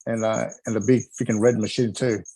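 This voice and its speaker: A middle-aged man, a retired wrestler, chatting as an interview guest, animated and laughing often while acting out other people's voices. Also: on the low side, brisk, slightly rough, dry recording, low-quality recording. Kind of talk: casual storytelling interview.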